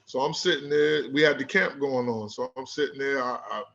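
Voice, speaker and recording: Laid-back basketball coach from Newark. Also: male voice, medium pitch, brisk, a bit bright, dull audio. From Newark, New Jersey. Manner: laid-back street talk, lots of "you know what I'm saying". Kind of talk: casual storytelling in a conversation.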